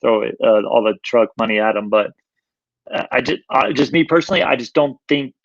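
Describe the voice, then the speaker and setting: A man co-hosting a sports talk show, rambling emphatically and repeating himself. His voice is gravelly and fry-laden, and it comes through dull, lo-fi and dry. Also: mid-range voice, expressive, brisk, no room sound. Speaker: sports podcast co-host.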